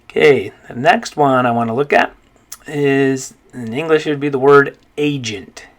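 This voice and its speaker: A man giving a recorded pronunciation lesson in a patient, mid-pitched voice. He stretches out each practice word and repeats it, checking in often with "okay?". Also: measured pace. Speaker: Spanish teacher.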